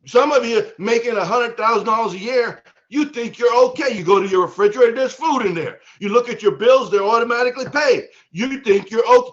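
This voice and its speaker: A man giving a fervent motivational pep talk to his team on a video call, building up to shouts. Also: extremely high pitch, brisk, hardly any pauses, dull audio. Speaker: business leader speaking to team.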